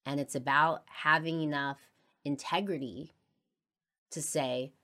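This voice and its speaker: Low-voiced woman, halting confessional podcast talk. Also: steady tone. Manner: halting, many fillers, trails off quietly. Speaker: podcast host. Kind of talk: personal confessional monologue.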